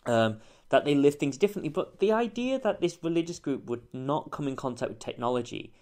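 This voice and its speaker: A man reviewing an old TV series in a casual spoken monologue, thoughtful and careful, often correcting himself mid-sentence. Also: medium pitch. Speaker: TV show reviewer.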